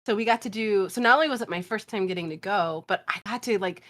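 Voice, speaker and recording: A woman from the South, a podcast guest telling long, animated stories in casual chat and swearing freely. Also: medium pitch, fast.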